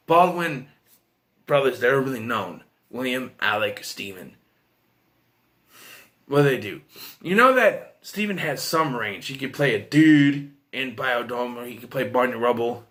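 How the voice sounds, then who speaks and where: A man's voice: mid-range voice, sharp tone. A man giving a casual, rambling film review, chatty and full of restarts and asides. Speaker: movie reviewer.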